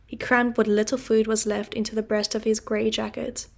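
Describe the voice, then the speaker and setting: A woman reading a classic novel aloud in an even, steady narrating voice. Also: fairly high pitch, moderate pace, vocal fry. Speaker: audiobook reader.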